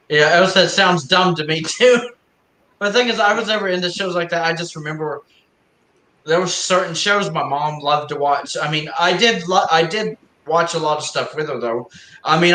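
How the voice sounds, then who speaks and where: Bright-voiced man chatting in an echoey room. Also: a little high. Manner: rambling, many "I mean" fillers, easy laughs. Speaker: live stream host. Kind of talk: casual chat. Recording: roomy echo.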